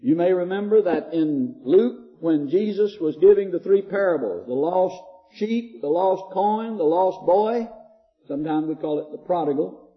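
Guy preaching a sermon, highish voice that jumps around a lot, muffled old tape sound. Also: lively intonation, faint music behind. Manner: reads scripture aloud in a slow, deliberate cadence.

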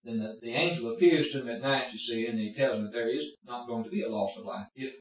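A man's voice: medium pitch, fast talker. A man teaching an informal Bible study class, explaining in a folksy way and asking the class questions. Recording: echoey room, distant muffled mic.

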